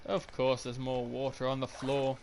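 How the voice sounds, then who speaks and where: A man's voice: medium pitch, monotone, normal speed, creaky, noisy background. A man hosting a let's play, reading in-game notes aloud and cracking sarcastic jokes as he goes. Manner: joking, sarcastic asides. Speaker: gaming channel host.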